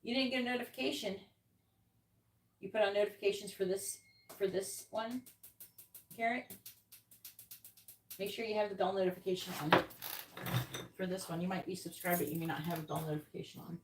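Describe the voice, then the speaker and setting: This tarot reader host chats bluntly and casually with viewers during her live stream, cursing without hesitation. She has a medium-pitched, steady voice and talks a little fast, pausing often.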